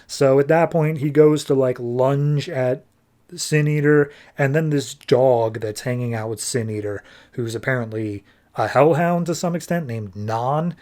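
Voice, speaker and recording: A man hosting a podcast, recapping a comic book issue in a chatty, casual way with quick asides. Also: mid-range voice, a little mellow. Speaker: podcast host.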